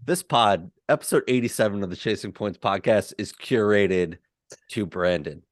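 A man's voice: fairly low pitch, normal speed, no room sound, clean studio sound. A man co-hosting a casual sports podcast, talking in a loose, rambling way and restarting his sentences. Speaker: podcast co-host.

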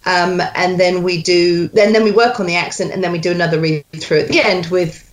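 A woman's voice: lowish voice, steady tone, a little fast. A woman coaching an actor on an accent, patiently drilling sounds over and over. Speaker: dialect coach.

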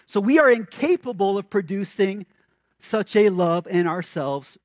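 A pastor preaching a conversational sermon, with emphatic repeated refrains and rhetorical questions. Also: male voice, high voice, animated, unhurried, no echo.

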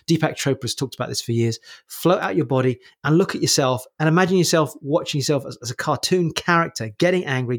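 Male podcast co-host, husky, rapid-fire coaching chat full of restarts. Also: a little high. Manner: rapid, animated explanations with many restarts. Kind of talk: casual conversational podcast talk.

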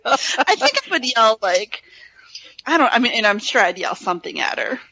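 A woman's voice: a little high, sing-song, normal speed, sharp tone, breathy edge, no echo. A woman chatting on a casual podcast, giggly and rambling, filling her talk with "like". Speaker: podcast co-host. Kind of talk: casual chat. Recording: slightly muffled audio.

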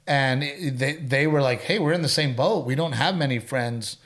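A man in his thirties co-hosting a casual chat, telling animated stories and dropping dude and bro. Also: medium pitch, moderate pace. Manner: animated storyteller, mocking impressions, says dude and bro. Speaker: podcast co-host.

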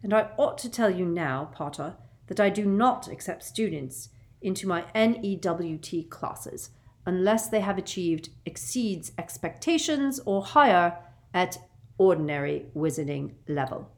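McGonagall: a woman doing a crisp, stern old professor. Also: fairly low pitch, expressive, measured pace. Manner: crisp, curt, haughty. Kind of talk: audiobook character voice.

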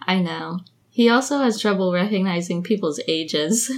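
Speaking at a moderate pace in a voice on the low side, this young podcast co-host keeps things casual, a chatty storyteller who laughs frequently.

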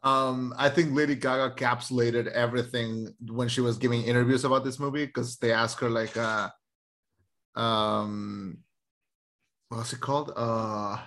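A young man co-hosting a casual film review chat, animated and jokey, stammering into quick bursts. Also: mid-range voice. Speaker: film review podcast co-host.

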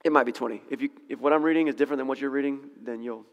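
A man teaching a Bible passage in a relaxed, conversational way, correcting himself and laughing in asides. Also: medium pitch, very fast, in a large hall.

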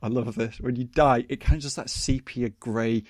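A man's voice: mid-range voice, moderate pace, no echo, studio quality. Chatty man, rambling. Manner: rambling, animated, many fillers and laughs. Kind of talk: casual chat.

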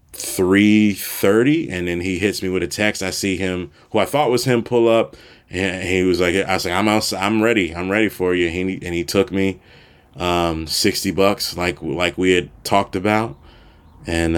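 A man from Maryland hosting his own podcast, telling a loose personal story at home with many fillers and restarts. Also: low voice. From Prince George's County, Maryland. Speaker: podcast host. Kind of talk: casual solo storytelling. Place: home room.

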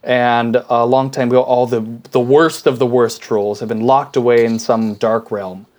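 A man co-hosts a podcast in casual, enthusiastic chat, rambling with lots of fillers. His medium-pitched voice is a little mellow, with flat delivery at a moderate pace.

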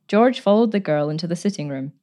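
A woman narrating a story aloud in a measured, even way. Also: lowish voice.

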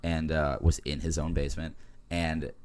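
A deep-voiced man in his twenties, a podcast guest telling laid-back stories with lots of laughs and fillers. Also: level tone, normal speed, darkish tone, slight background noise. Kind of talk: casual podcast chat.

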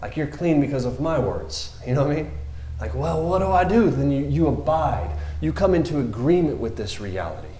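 A man's voice: mid-range voice, animated, normal speed, mellow, a little hiss or hum. Male preacher, casual rambling delivery, echoey room. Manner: rambling and conversational, lots of fillers. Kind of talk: informal sermon.

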